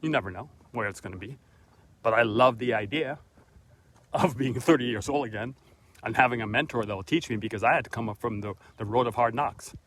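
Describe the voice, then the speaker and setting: A middle-aged man, mid-pitched, talking straight into his phone as he walks outdoors. He is earnest and a little preachy, like a mentor giving a pep talk to his followers. There is faint outdoor noise behind him. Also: a little fast, fairly bright tone. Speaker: motivational vlog host. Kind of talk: casual motivational monologue on a walk. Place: outdoors on a walk, then at his front door. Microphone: phone camera held by the speaker.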